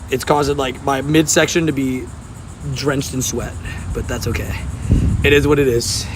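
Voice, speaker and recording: He speaks unhurriedly at a medium pitch, pausing often. Out at a park by water, hot and sweaty, the man live-streams and laughs frequently while chatting casually with his audience, and faint outdoor sounds can be heard.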